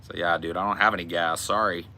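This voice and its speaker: A man's voice: low-pitched, steady tone, fast talker, bright, forceful tone. An American man hosting a casual Q and A, blunt and laid-back, swearing often. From United States. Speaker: podcast host. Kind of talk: casual Q and A with chat.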